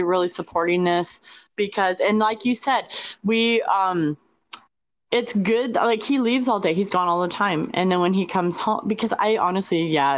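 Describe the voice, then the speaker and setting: A woman co-hosting a relaxed podcast chat, her voice at an ordinary middle pitch. She speaks candidly and loosely, peppering her talk with ums and likes. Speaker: podcast co-host.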